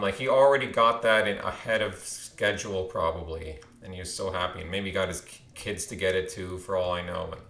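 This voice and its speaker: A man's voice: fairly low pitch, fairly bright tone, echoey room. A man hosting his own video, telling a story in a rambling way and then reading a text aloud. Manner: rambling, with restarts and sarcastic asides. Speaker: video host.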